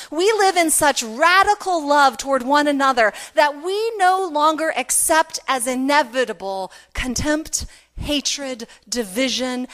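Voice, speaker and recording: A woman's voice: high-pitched, pushed and bright. A woman pastor preaching a sermon in a conversational, self-deprecating way, with emphatic repetition.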